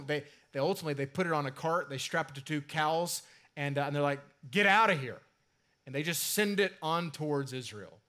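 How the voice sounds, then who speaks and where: A man's voice: mid-range voice, fairly bright tone. A man preaching a sermon in a casual, conversational way, with asides and filler words. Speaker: pastor.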